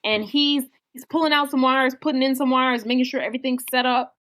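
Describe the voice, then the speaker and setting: Woman on a podcast retelling a movie plot, voice a bit high, jumps into character lines all the time. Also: brisk. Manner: animated storytelling, acts out characters' lines. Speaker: podcast co-host. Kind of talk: casual movie recap.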